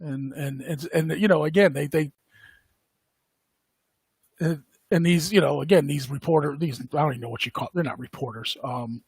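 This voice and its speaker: A man's voice: a little high, moderate pace, creaky, pauses often, a little mellow, slightly rough, dry recording. A man hosting a podcast, talking casually and rambling, with lots of fillers and frequent laughs. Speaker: podcast host. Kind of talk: casual livestream commentary.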